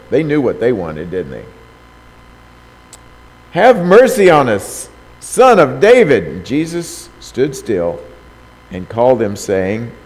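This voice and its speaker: A man's voice: medium pitch, mellow. A man preaching a sermon who reads scripture aloud, raises his voice for quoted lines, and keeps asking the listener rhetorical questions. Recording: long hall reverb, faint background noise.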